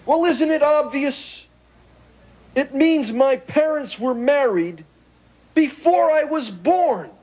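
ALF, a wisecracking sitcom alien. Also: male voice, extremely high pitch, lively intonation, slow pace, a little mellow, exaggerated voice. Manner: sarcastic, melodramatic, joking. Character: wisecracking male furry alien, self-pitying. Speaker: sitcom character. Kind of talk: 1980s sitcom acting. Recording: noisy TV audio with studio laughter.

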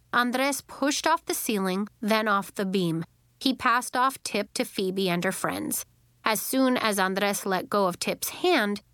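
Slow, measured woman reading a storybook. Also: medium pitch, fairly bright tone, no echo, clean studio sound. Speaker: narrator. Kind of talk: storybook read-aloud narration.

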